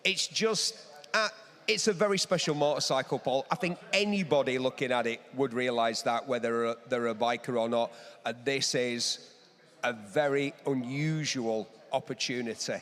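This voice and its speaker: A man's voice: mid-range voice, fairly even intonation, moderate pace, fairly bright tone. A man co-presenting an auction stream, chatty and knowledgeable, talking up a motorcycle in a matey way. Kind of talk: enthusiast commentary on a motorcycle. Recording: long reverb of a large hall.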